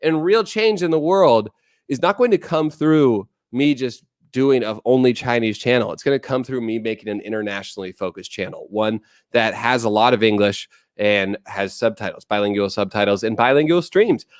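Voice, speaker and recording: A man's voice: medium pitch, normal speed, dry recording, clean studio sound. Blunt, foul-mouthed male streamer. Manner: blunt, profane, opinionated ranting; answers chat messages aloud. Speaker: live streamer. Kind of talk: casual live-stream chat.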